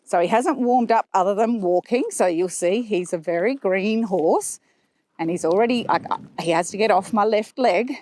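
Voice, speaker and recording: A woman horse trainer explaining her riding aids as she rides, calm and explanatory, with soft praise for the horse in between. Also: medium pitch, moderate pace, a little hiss or hum. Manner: talking while riding a horse. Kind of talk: instructional commentary while riding. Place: riding arena.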